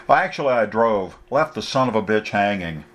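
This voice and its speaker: A man reading a story, voicing a playful, quick-witted young woman who is a runaway heiress. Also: fairly low pitch, animated, a bit bright.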